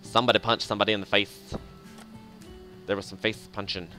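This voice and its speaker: Brisk, pushed and bright, a man's lowish voice shows little pitch movement as he casually talks through a strategy game on a live stream. Chuckles and muttering to himself are frequent, and faint game music plays behind him.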